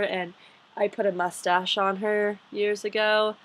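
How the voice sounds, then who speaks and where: A young woman from Colorado chatting casually to camera in a home vlog, bubbly and gushing with quick asides. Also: medium pitch, little pitch movement, fairly bright tone, a little hiss or hum. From Colorado, United States. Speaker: vlogger. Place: home bedroom.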